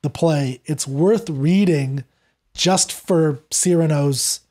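A man talking as a podcast guest, retelling a play in a lively conversational way and acting out the characters' lines as he goes. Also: a little high, takes it slowly. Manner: animated, acts out quoted lines while retelling. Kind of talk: conversational literary discussion.

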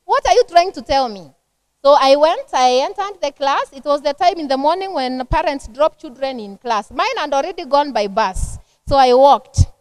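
A middle-aged woman with a Kenyan accent giving a lively, conversational seminar talk on parenting to a church women's group, acting out everyday family scenes. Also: high voice, moderate pace, hardly any pauses, no room sound.

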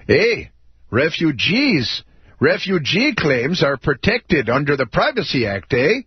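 A man's voice: on the high side, sing-song, slow pace, breathy edge, no room sound, exaggerated voice. A man voicing a friendly border official, jokey and singsong. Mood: mocking. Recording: dry, slightly dull studio audio.

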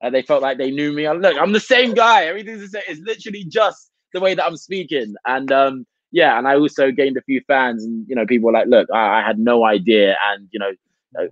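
A British man, an actor, talking through his craft at length in a relaxed interview, with frequent "you know" fillers. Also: mid-range voice, no room sound, lo-fi sound. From United Kingdom. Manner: expansive, reflective, many "you know" fillers. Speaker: actor, guest. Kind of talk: casual interview chat.

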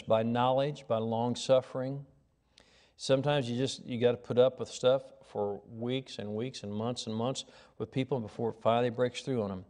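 A middle-aged male pastor preaches a sermon in a folksy, storytelling manner, shifting from quiet asides to raised, emphatic lines. His voice is medium in pitch.

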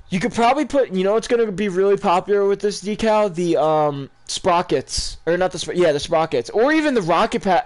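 Excitable young man reacting to game items. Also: high-pitched. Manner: excitable, rambling, frequent ums and gasps. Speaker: gaming YouTuber. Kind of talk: casual live reaction commentary.

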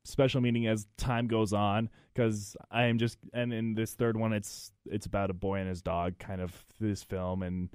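A man's voice: on the low side, little pitch movement, moderate pace, few pauses, darkish tone, clear, resonant tone, dry recording, clean studio sound. A man co-hosting a film podcast, earnest and reflective as he talks about movies he loves. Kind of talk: casual film chat.

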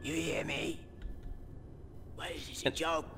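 An actor voicing a gruff male thug with a gravelly smoker's New York accent. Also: on the high side, level tone, slow. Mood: annoyed. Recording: noisy game audio.

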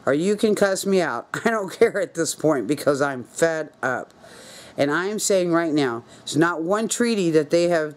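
A man with a slightly raised pitch delivers a heated, preachy rant straight into the camera. He sounds fed up and keeps pressing his listeners to act. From United States. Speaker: video blogger. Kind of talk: impassioned political rant to camera.

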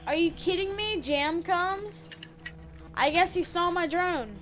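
A woman's voice: very high-pitched, takes it slowly, background noise. A woman playing along on a gaming stream, mostly with short reactions. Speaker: co-player. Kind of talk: casual gaming chat.

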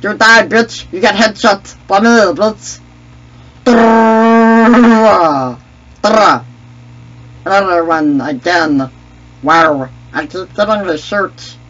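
A man putting on the voice of a goofy, clumsy male alien sidekick in an excitable, trash-talking way while commenting on a game, with sing-song babble. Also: on the high side, measured pace. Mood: gleeful. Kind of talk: gaming commentary in a character voice. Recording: dull lo-fi mic with faint hum.

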